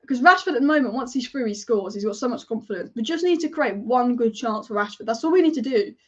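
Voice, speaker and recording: A young woman hosting a live football watch-along, excitable and casual, chanting and swearing as she reacts. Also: a little high, quick pace. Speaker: football fan livestream host. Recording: dull lo-fi stream audio.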